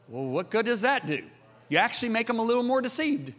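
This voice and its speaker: A middle-aged man preaches with a fairly high voice in a lively, emphatic style, swinging from near-shouts to hushed asides. His pitch moves widely as he presses each point. The voice rings with a long reverb, as in a large church auditorium. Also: quick pace. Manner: animated, emphatic, jumps between loud and hushed. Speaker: pastor. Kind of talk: sermon.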